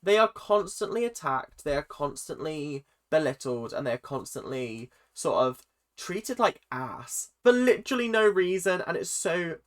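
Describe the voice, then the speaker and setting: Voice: mid-range voice, sing-song, a little slow. A British reaction channel host chatting casually and jokingly straight to viewers. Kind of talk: casual reaction vlog chat.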